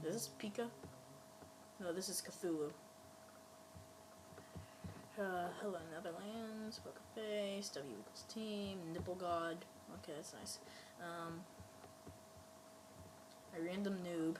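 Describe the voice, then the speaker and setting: A woman's voice: lowish voice, moderate pace, pauses often, background noise. A woman giving casual let's-play commentary, rambling playfully and talking at other players. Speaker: gameplay commentator.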